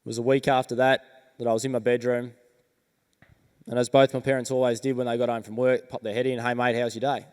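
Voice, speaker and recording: An Australian man telling a personal story on stage as a motivational speaker, earnest and measured, with dramatic pauses. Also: medium pitch, little pitch movement, a little mellow, clean tone. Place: large event hall stage. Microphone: stage microphone. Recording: reverberant event hall.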